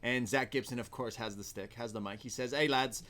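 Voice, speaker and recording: A man's voice: medium pitch, fairly even intonation, fairly quick, a bit bright. Casual man recapping wrestling. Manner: rambling play-by-play recap, laughs often. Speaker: podcast co-host.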